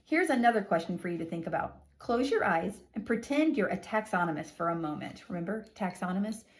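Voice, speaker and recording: A woman teacher leads a read-aloud lesson for young children, speaking at a middle pitch. She reads in a lively, sing-song way and stresses words heavily to hold the class's attention. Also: a little fast. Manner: expressive, sing-song reading with exaggerated emphasis for young students.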